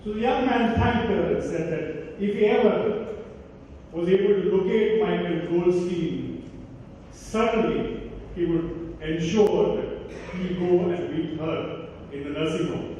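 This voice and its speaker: A man tells a story at a celebration in a measured, expressive style, his voice pitched fairly high yet mellow. He is heard from a distance in a large hall with a long echo, and the sound is dull with faint noise behind it. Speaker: speaker at a college Christmas celebration. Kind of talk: storytelling address.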